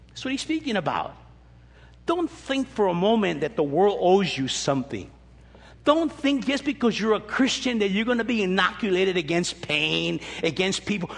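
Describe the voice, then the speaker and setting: A man preaching a sermon as pastor, animated, acting out quoted voices with joking asides. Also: high-pitched, normal speed, slightly rough. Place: church sanctuary. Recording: long echo of a large hall.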